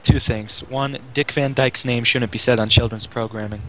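A man co-hosting a comedy show, giving dry, unhurried replies in casual banter. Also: mid-range voice, fairly even intonation, a crowd in the background, low-quality recording.

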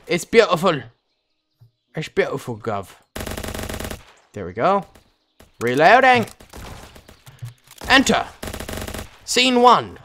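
A man giving jokey, excitable gameplay commentary, bursting into yelps and shouts. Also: on the high side, slight background noise. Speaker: gaming YouTuber.

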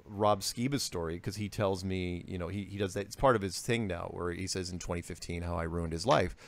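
A deep-voiced man talking a little fast is an interview guest, casually telling his story. He is animated and acts out what other people said.

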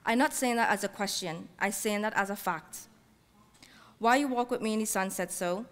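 Woman author at a public reading, mid-pitched, heartfelt first-person delivery in Caribbean-English dialect, long hall reverb. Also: normal speed, fairly bright tone. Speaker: author reading her work. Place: library event space.

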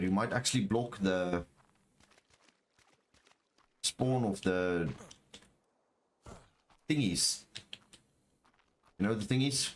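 A man streaming a game live, talking to his chat and exclaiming over what he finds, with low murmurs that jump to excited shouts. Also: slight background noise. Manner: excitable, repeats phrases, talks to chat. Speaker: gaming streamer. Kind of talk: live gameplay commentary.

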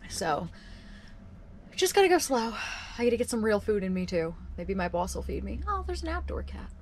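A woman's voice: mid-range voice, sing-song, normal speed, darkish tone, slight background noise. A woman in her twenties talking casually to the camera at home in a wry, self-deprecating video diary. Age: 20s. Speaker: vlogger. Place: at home, indoors.

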